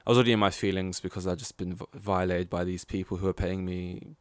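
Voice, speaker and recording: Laid-back blunt young man, low voice. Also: fairly even intonation, fast talker, no echo. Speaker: podcast host. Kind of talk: casual solo podcast storytelling.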